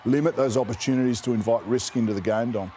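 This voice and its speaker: A man giving measured, analytical rugby commentary. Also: mid-range voice, warm tone, slight background noise. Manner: measured, analytical, tag questions. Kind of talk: sports commentary.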